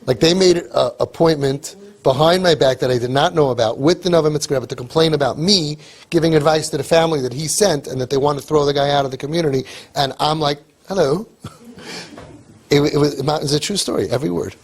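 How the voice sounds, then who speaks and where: A man with a slightly high, husky voice speaks in an animated storytelling manner, acting out what others say. He sprinkles Yiddish and Hebrew terms through his talk as he makes his case to listeners. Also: a little fast. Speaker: speaker on outreach to youth.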